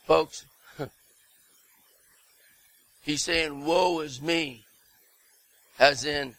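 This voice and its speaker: Fervent high-voiced male preacher. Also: steady tone, drawn-out words, long pauses, poor audio. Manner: fervent, shouting repeated words, folksy asides. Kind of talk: sermon.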